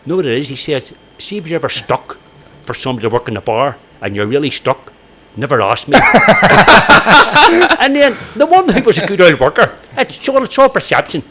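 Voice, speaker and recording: A man's voice: a little high, very animated, fast talker, very noisy. An older man, a bar owner telling sweary anecdotes in casual chat.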